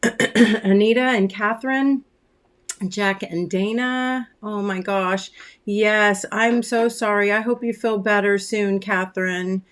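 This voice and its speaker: A woman hosting a casual craft-studio livestream, greeting viewers by name with chatty, friendly talk and frequent ums, clearing her throat now and then. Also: medium pitch, fairly even intonation, slow. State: throat-clearing, choked up after dinner. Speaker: craft shop owner hosting a weekly livestream.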